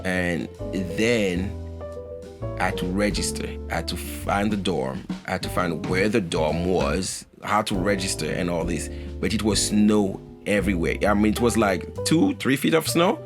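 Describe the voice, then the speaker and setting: A man's voice: low-pitched, measured pace. A man in his forties from France, speaking English with a French accent, telling a meandering story in a documentary interview. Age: 40s. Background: guitar music.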